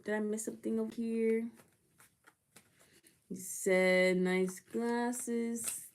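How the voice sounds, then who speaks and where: Woman, livestream reader, unhurried, laughs a lot, greets chat by name. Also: fairly high pitch, fairly even intonation. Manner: chatty, laughs often, greets viewers by name. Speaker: livestream tarot reader and host.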